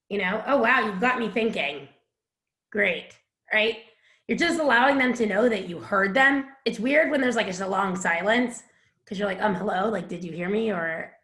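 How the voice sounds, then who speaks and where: A woman's voice: mid-range voice, a bit bright. Frank, casual woman teaching, roomy sound. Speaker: instructor.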